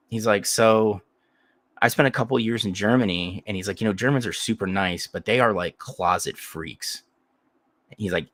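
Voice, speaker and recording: A man on a podcast tells a long, crude story in loose, rambling chat. His voice is low and bright, with a forceful edge. The sound is dry and close, with no room echo. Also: brisk. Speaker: podcast co-host.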